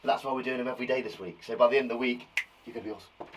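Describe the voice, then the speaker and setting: Over a noisy background, a male primary school teacher from England rattles off spelling words to young children at a rapid clip. His medium-pitched voice holds a steady tone while he jokes and encourages them.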